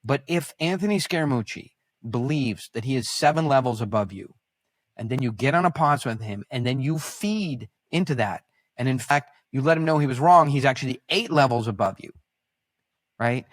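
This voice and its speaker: A man who is a podcast guest, telling stories in an animated, rambling way, with restarts. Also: mid-range voice, moderate pace, dry recording, studio quality. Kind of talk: casual conversational storytelling.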